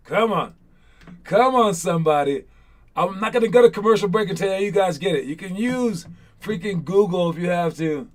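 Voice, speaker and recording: A young man talks to a group of young players in a loose, energetic way, circling back to check they are with him. His voice sits a little high for a man. He moves from pep talk to hosting trivia without ever sounding scripted. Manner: energetic, rambling, repeats "all right?". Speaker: basketball coach hosting an online session.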